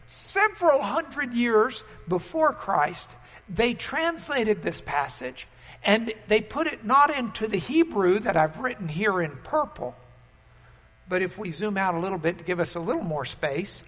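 High-voiced preacher in an echoing hall. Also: male voice, expressive, measured pace. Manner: emphatic, rising to loud stresses on key words. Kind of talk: sermon teaching with a whiteboard.

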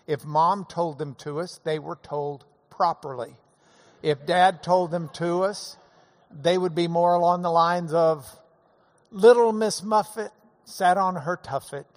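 Folksy man in a reverberant hall. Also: fairly high pitch. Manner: folksy, chuckling storyteller. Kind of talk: casual monologue.

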